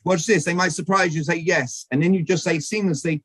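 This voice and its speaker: Man, high voice, dry close sound, energetic sales talk to a live group. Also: moderate pace, dry recording, low-quality recording. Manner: energetic, addresses audience directly, asks questions. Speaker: speaker at a networking event. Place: event room with audience.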